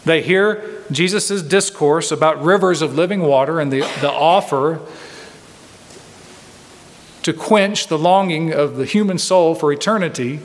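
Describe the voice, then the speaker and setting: A man preaching in an earnest, emphatic way, leaning on repetition to drive each point. His voice sits a little higher than most men's. It rings with the long reverb of a large hall. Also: unhurried. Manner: earnest, emphatic, repeats phrases for stress. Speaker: pastor. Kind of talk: expository sermon.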